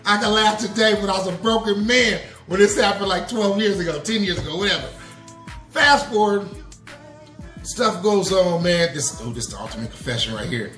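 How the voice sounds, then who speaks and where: A podcast host tells a personal confession in a loose, slangy storytelling style, calling his listeners "y'all." His voice is high-pitched, a bit bright and moderately paced, recorded in an echoey room with faint music.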